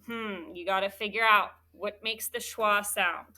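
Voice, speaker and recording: A woman teaching a third grade spelling lesson, spelling words out slowly and clearly letter by letter. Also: medium pitch, fairly even intonation, pushed and bright.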